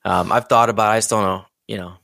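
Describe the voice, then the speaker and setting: Lively storytelling man, low voice. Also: fast talker, gravelly, dry recording. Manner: animated, acts out his own and others' quoted lines. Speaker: podcast guest, pilot and video creator. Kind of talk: casual storytelling.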